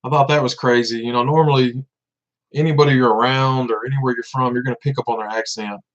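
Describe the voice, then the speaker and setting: Relaxed Southern man in his 30s, casual chatty vlogger, slightly muffled lo-fi sound. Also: medium pitch, quick pace. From Tennessee, US. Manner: laid-back, laughs often, repeats himself. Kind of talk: casual livestream chat. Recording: dull lo-fi sound.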